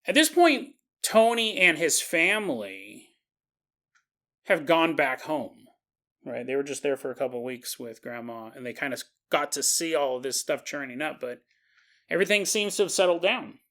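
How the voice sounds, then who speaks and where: Bright-voiced joking podcast storyteller man. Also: on the high side, animated, normal speed. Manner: joking asides, chuckling tangents. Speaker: podcast host. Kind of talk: casual storytelling narration.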